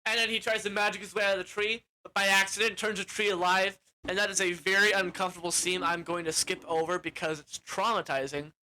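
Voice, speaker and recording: A reviewer rambles through a plot summary, stumbling and correcting themselves as they go and swearing offhandedly. The voice is bright and clear at a middle pitch. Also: little pitch movement, quick pace, few pauses, low-quality recording. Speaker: film reviewer. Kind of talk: casual plot recap.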